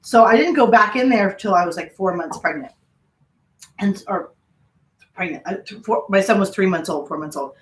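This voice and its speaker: A woman's voice: medium pitch, normal speed, recorded from a distance. Chatty young woman guest, off-mic echo. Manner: lively, chatty storyteller. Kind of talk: casual chat.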